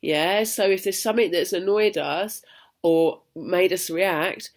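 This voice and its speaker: A woman's voice: lowish voice, a little slow. A young woman talking frankly to camera in a personal vlog, rambling, restarting her sentences and swearing freely. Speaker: vlogger. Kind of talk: candid personal vlog monologue.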